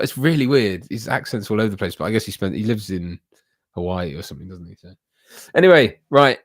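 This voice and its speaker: A man's voice: lowish voice, lively intonation, fast, no echo, studio quality. A man hosting a casual livestream, chatting loosely with viewers in a rambling, self-deprecating way. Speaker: livestream host.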